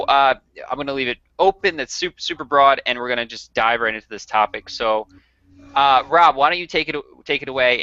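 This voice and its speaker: A man hosts an online discussion and sets up the topic in a relaxed way, with fillers along the way. His voice has a bright edge. The audio is dry and muffled. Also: mid-range voice, no room sound. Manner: relaxed, loose introduction with fillers. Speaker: host. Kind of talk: casual hangout discussion.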